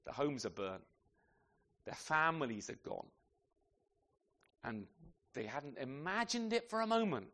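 High, lively male preacher. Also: measured pace, long pauses. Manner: conversational, with frequent rhetorical tag questions. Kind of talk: sermon.

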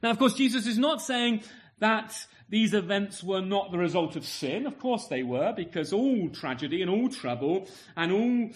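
A man's voice: high-pitched, animated, moderate pace. A man preaching a sermon in an earnest way, often asking his listeners rhetorical tag questions and repeating words as he restarts.

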